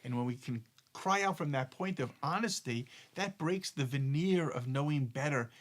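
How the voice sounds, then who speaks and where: A man co-hosting a spiritual discussion show casually tells jokes that carry a deep lesson, often repeating words while he thinks. He's expressive and speaks at normal speed in a relaxed storytelling chat.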